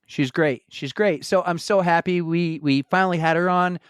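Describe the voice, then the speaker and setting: A man co-hosting a running podcast in casual chat, telling animated stories and mimicking others. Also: moderate pace, clean tone, no echo, studio quality. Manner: animated storyteller, mimics others in high voices. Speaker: podcast co-host.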